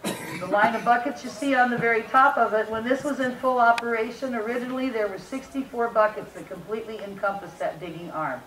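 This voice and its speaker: A woman docent giving a folksy, homespun tour presentation on a mining dredge. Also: mid-range voice. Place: outdoors on a dredge barge. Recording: roomy distant sound with faint noise.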